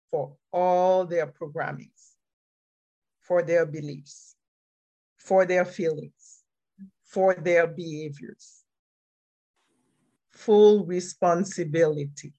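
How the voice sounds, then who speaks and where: A woman telling a personal story on a podcast, animated and laughing often, repeating key phrases for emphasis. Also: lowish voice, slow pace, long pauses. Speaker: podcast speaker and life coach.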